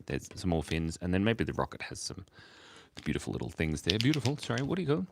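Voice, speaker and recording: Here the drawing livestream host talks fast and very animatedly in a low voice with vocal fry, with background noise in the mix. It's early morning and he's sleepy, rambling and giggling with chat while he draws and teases himself.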